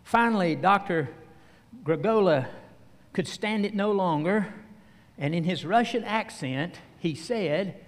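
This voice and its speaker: Older male preacher, folksy sermon storytelling, slightly high voice, long hall reverb. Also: lively intonation. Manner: folksy storytelling with fillers and pauses.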